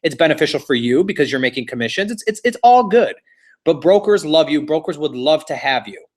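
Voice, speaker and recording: A man's voice: fairly high pitch, animated, fairly quick. A man teaching a real estate class, telling a story in a casual, chatty, repetitive way.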